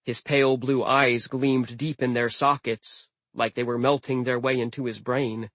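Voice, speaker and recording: A man narrating a first-person novel as an audiobook, in a measured, wry storytelling manner. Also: medium pitch, little pitch movement, a bit bright, no room sound.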